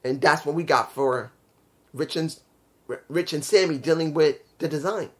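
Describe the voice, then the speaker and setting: A man's voice: on the high side, moderate pace. A young man casually reviewing a wrestling show, rambling and repeating his points for emphasis.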